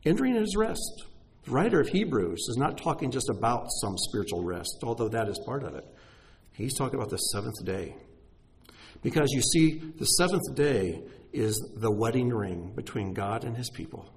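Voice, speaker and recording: A middle-aged male pastor preaches a sermon at normal speed with animated, emphatic energy. His pitch rises and falls freely as he addresses his congregation directly, pressing and encouraging them.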